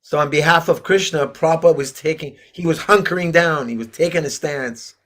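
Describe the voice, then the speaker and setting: A man's voice: fairly high pitch, fairly quick, fairly bright tone. Curious man hosting a video call. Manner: curious questioning, laughs often. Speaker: host. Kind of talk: interview conversation.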